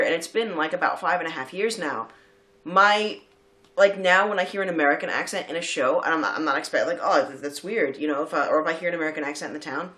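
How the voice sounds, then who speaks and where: A woman's voice: lowish voice, fairly bright tone. A woman co-hosting a casual movie vlog, chatty and rambling, with lots of fillers. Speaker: vlog co-host. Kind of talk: casual chat about a movie.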